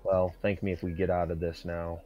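A man's voice: deep voice, completely flat delivery, a little fast, highs cut off, slight background noise. A man playing his character in a tabletop game, speaking sternly and with threats, often restarting his sentences. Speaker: player. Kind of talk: in-character tabletop role-play.

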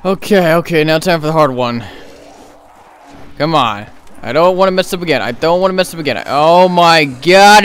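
A young man giving gameplay commentary as a gaming YouTuber, excitable and slangy, often yelling in panic. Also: fairly high pitch, moderate pace, clean tone.

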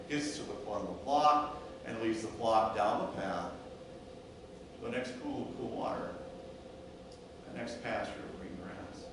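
A man preaching a sermon as pastor, telling a story and acting out the voices of an injured sheep and a calm shepherd. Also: medium pitch. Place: church sanctuary. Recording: echoey church, distant mic, noisy.

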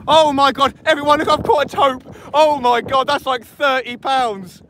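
High-voiced man on a windy boat. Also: moderate pace, few pauses. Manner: talks to viewers while fighting a fish, bursts into excited shouts. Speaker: angler vlogger. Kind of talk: live fishing commentary to camera. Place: outdoors on a small boat at sea. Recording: loud wind and boat noise.

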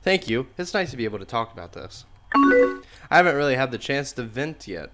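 A man's voice: medium pitch, big pitch swings, fairly quick, lightly acted. A man reading a sad young woman's chat. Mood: confiding. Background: loud background music and keyboard typing.

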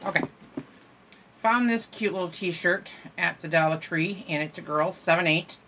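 A woman's voice: on the low side, normal speed, fairly bright tone. An older woman in casual, rambling chat, showing items from a store haul at home and joking at her own expense. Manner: chatty, rambling, self-deprecating. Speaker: haul vlogger. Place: home room.

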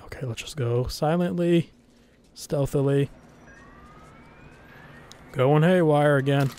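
A man's voice: fairly high pitch, slow, warm tone. A man giving casual live commentary on his own gameplay, talking to himself nervously and swearing as he reacts. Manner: nervous self-talk, frequent swearing, reacting aloud to the game. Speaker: let's play gamer.

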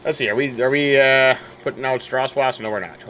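A man's voice: medium pitch, a little fast, sharp tone, slight background noise. A middle-aged man, chatting casually and upbeat while commenting on his own game. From United States. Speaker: host.

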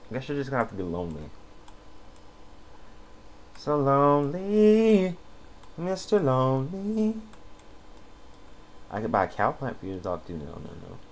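A man giving casual gameplay commentary, sarcastic and swearing as he talks at the game characters, at a desk mic. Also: low-pitched. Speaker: let's play commentator. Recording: noisy home recording with keyboard clicks.

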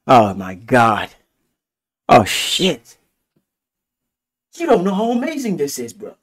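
Excitable male reviewer, raving and cursing, with a very animated pitch. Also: slow pace. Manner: gushing, profane, exclamatory. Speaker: movie reviewer. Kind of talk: excited movie rant.

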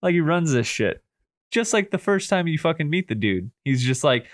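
A man's voice: medium pitch, lively intonation, normal speed, no room sound, clean studio sound. A man co-hosting a horror movie podcast, casually retelling scenes with lots of swearing and laughter. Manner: profane, laughing, retells scenes in quoted voices. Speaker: podcast co-host. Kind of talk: casual movie review chat.

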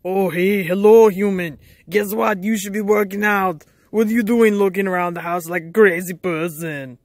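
A man voicing a bossy, cheeky male toy creature in a home toy-play story. The voice sits high and sounds dry and close. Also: steady tone, normal speed, no echo, natural voice.

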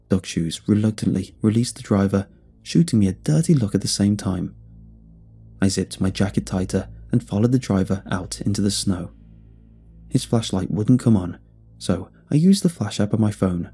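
A man telling a first-person horror story in measured scripted narration. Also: fairly low pitch, warm tone, slightly rough. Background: faint music.

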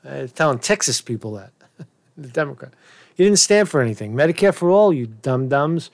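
A man's voice: medium pitch, animated, moderate pace, dry recording. A man delivering a crude, mocking political rant as a commentary vlogger, swearing often. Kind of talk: profane off-the-cuff political rant.

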